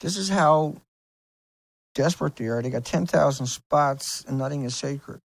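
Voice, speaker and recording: A man's voice: on the high side, normal speed, vocal fry, no room sound. A man hosting his own video, talking casually and insistently over pictures on screen, asking rhetorical questions as he rambles. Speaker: video host.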